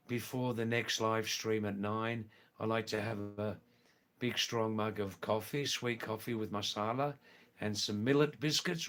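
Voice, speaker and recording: An older man, hosting a live stream and chatting with viewers in a relaxed, unhurried way. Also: fairly low pitch. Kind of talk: casual live-stream chat reading viewer comments.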